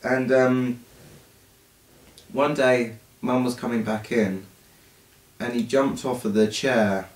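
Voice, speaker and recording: A young man with a mid-range voice talks slowly and fairly evenly, pausing often, as a co-host on a casual podcast. He tells stories hesitantly, filling them with lots of fillers. The mic is distant and the room sounds roomy.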